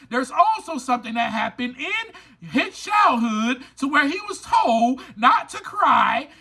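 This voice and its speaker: With a very high-pitched voice that sounds pushed and bright, a man gives an informal motivational monologue on his recovery podcast. He speaks directly to listeners, preaching emphatically and repeating lines for emphasis.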